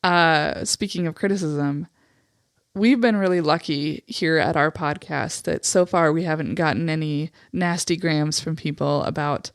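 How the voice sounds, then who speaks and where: A woman's voice: deep voice, fairly even intonation, a little slow, dry recording, clean studio sound. Chatty supportive woman podcaster. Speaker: podcast co-host. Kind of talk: casual chat.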